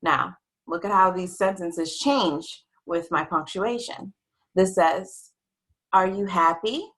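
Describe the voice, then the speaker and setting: A young adult woman teaching a writing lesson to young children in a slow, expressive, sing-song teacher voice. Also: fairly low pitch, rough recording.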